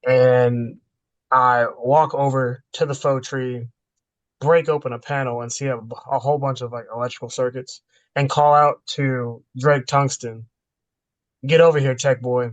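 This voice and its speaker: A man playing a tabletop game describes his character's actions step by step at a middle pitch. The sound is dry and close. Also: flat delivery, unhurried, no room sound, highs cut off. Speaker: player.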